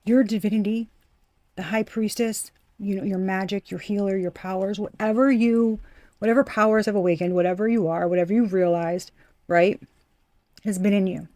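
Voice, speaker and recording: Woman, tarot reader, casual and profane, repeats herself for emphasis; warm low-key tone, dry close sound. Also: fairly even intonation, normal speed, dry recording. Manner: talks straight to the viewer as "you". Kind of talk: casual spoken tarot reading.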